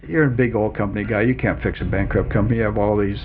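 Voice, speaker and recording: Gravelly older man telling a story. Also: lowish voice, quick pace. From Canada and Colorado. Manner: animated storyteller who quotes other people in dialogue. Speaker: interviewee, former chief executive. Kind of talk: oral history interview storytelling. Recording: phone-like narrow band with faint noise.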